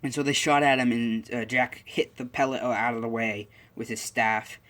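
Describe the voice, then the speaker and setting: A man's voice: mid-range voice, steady tone, normal speed, fairly bright tone. Rambling man telling a story casually. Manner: rambling, full of "you know" fillers.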